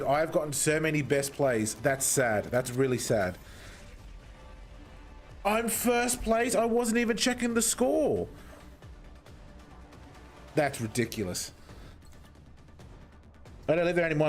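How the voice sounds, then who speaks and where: Lively Australian man streaming a game. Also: mid-range voice. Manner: chatty, swears often, greets chat warmly by name. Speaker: gaming streamer. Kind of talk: casual livestream chat while gaming.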